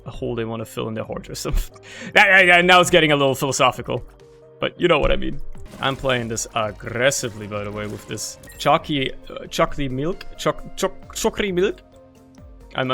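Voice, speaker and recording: A man's voice: medium pitch, vocal fry, bright, forceful tone. A young man who is a native German speaker, rambling through casual gameplay commentary and swearing offhandedly. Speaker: gaming channel host. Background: faint game music.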